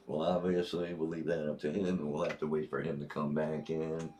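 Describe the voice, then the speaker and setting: A man in his sixties from Ohio with a deep bass voice, chatting casually and rambling through stories on a livestream. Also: level tone, a little fast, few pauses, dark tone, a little hiss or hum. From Northeast Ohio. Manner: rambling, easygoing storyteller. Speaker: guest on a livestream reading viewer messages.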